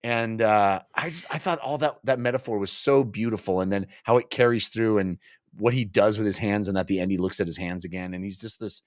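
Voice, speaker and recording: A man's voice: on the low side, fairly even intonation, a little fast, dry recording, studio quality. A man co-hosting a casual book discussion podcast, retelling scenes animatedly and putting on silly voices for characters. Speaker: podcast co-host.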